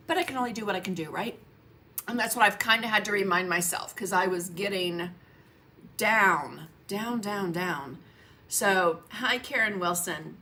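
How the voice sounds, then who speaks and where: A woman's voice: mid-range voice, sharp tone. Chatty woman hosting a painting livestream. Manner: chatty, greets viewers by name, laughs often. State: coughing, frog in her throat. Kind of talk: casual livestream chat. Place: home painting studio.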